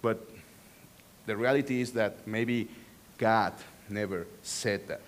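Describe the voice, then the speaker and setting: A man with a Spanish accent preaching a sermon as a pastor, animated and joking with the congregation. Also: on the low side, slow.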